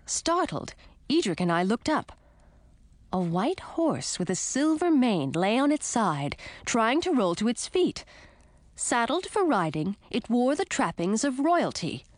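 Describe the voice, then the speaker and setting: Lively woman reading a storybook. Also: fairly high pitch, measured pace, dry recording. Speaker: audiobook narrator. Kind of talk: first-person storybook narration.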